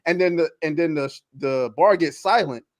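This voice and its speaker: A man telling a story in casual podcast chat, animated and laughing as he acts out the characters. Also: on the high side, normal speed, no echo. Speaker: podcast co-host.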